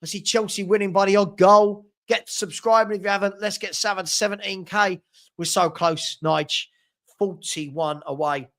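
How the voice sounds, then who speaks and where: A young man speaks with a high, bright pitch as he hosts a live football watchalong. He chats loosely into a desk mic in a room at home. He reads out viewer messages and answers them in a relaxed, running patter. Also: moderate pace. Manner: chatty, reads out viewer comments, scolds a puppy. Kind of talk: casual live-stream chat.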